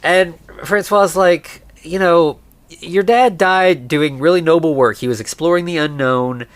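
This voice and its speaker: A man co-hosting a podcast, casually recapping a movie and putting on quick voices for its characters. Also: fairly high pitch, dry recording. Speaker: podcast co-host.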